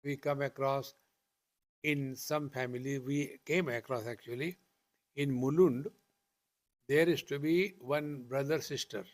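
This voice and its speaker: Slow, deliberate older Indian man teaching. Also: mid-range voice, steady tone. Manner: slow, deliberate, repetitive teaching with rhetorical questions. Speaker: spiritual teacher. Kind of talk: spiritual discourse.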